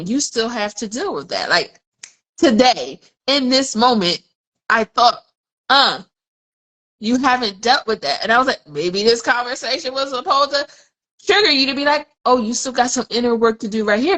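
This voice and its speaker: This podcast co-host, a woman in her forties, has a slightly high voice with a bright, forceful tone, captured on poor audio. Chatting casually and candidly, she shares personal stories and performs the voices in her head.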